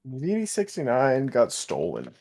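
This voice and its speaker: A man's voice: mid-range voice, huge pitch swings, slow pace, a little mellow. A man narrating a tabletop role-playing game as game master, in a joking, laid-back way.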